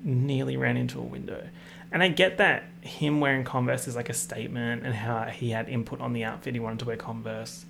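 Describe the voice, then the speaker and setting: Young Australian guy, casual podcast host, mid-pitched with vocal fry, ranty and over-the-top. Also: moderate pace, fairly bright tone, slight background noise. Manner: chatty, ranting, dramatic exaggeration. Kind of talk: casual pop-culture commentary.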